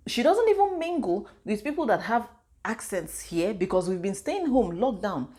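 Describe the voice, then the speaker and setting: Nigerian-accented woman, thirties, casual vlog, mid-pitched voice, lively storyteller. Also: moderate pace. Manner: chatty, animated storytelling with pidgin and Igbo asides. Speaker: vlogger and mother.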